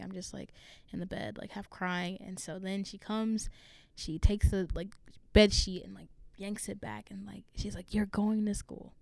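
A woman's voice: medium pitch, creaky, darkish tone, clear, resonant tone, dry recording. A young woman, a college student, talking candidly and frankly about hard personal experiences, swearing freely. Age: young adult. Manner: open and frank, swears freely, fast asides.

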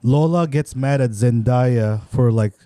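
A man's voice: mid-range voice, measured pace, mellow, dry recording, clean studio sound. A man co-hosting a podcast, rambling casually with many fillers and restarts. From Philippines. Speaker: podcast co-host. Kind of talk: casual chat.

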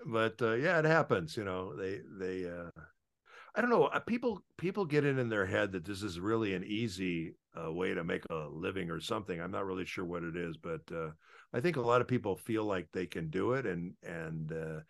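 A man, a voice actor, rambles through anecdotes in casual interview chat, with many filler pauses. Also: low-pitched, expressive, vocal fry. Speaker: voice actor guest.

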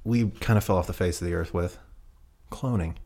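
A young man co-hosting a casual comedy podcast, bantering in a jokey, animated way. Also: low-pitched, brisk. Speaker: podcast co-host.

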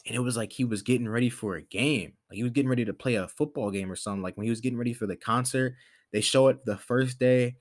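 A man's voice: mid-range voice, fast. A man hosting a podcast, talking in a casual motivational monologue, rambling with lots of fillers and restarts. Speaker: podcast host.

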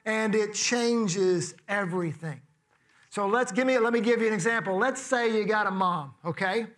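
A pastor with a high-sitting, fairly bright male voice preaches at a moderate pace. His sermon is conversational, and he puts rhetorical questions to the congregation.

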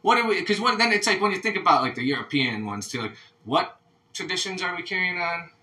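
A man co-hosting a podcast, ranting loudly in casual, profane banter and mimicking other people's voices. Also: high voice, lively intonation, fast talker, echoey room. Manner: loud, ranting, profane, mock-quoting others. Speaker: podcast co-host.

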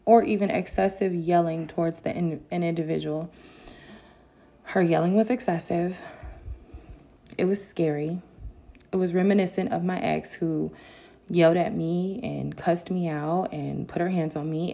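A woman vlogger telling a candid story time to her viewers, casual and animated, with bursts of indignation. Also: lowish voice, gravelly.

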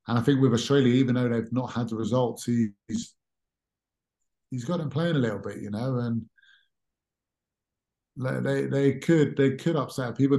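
Relaxed man in an echoey room. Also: mid-range voice. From England. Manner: relaxed storytelling with frequent restarts and fillers. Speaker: podcast guest, former rugby captain. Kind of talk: casual interview chat. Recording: roomy echo.

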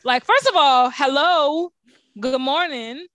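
A young woman with a somewhat high voice tells a story in a casual chat. Her talk is profane and animated, with sudden jumps up in pitch. The recording is dry and close, with no room sound. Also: takes it slowly, no echo. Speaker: podcast co-host.

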